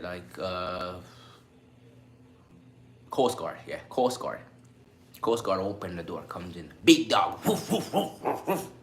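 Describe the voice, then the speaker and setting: Deep-voiced man telling a story. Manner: animated, acts out voices and sounds in his story. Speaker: cruise ship crew member vlogger. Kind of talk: casual storytelling to camera. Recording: echoey room with faint background noise.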